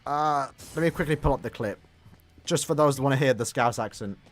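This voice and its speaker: A young man chatting casually on a live game stream, talking in quick bursts and laughing easily. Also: medium pitch, faint music behind.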